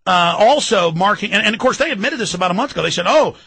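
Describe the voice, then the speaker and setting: Loud ranting gravelly male talk host. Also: high-pitched, lively intonation, fast, dry recording, rough recording. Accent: Texan. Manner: loud, ranting, mocking, shouts at times. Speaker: radio talk show host. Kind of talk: fired-up political rant.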